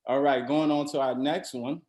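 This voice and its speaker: A man's voice: mid-range voice, fairly even intonation, normal speed, darkish tone. Upbeat male game host in a roomy echo. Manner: upbeat, reads out options. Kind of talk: hosting a comedy game.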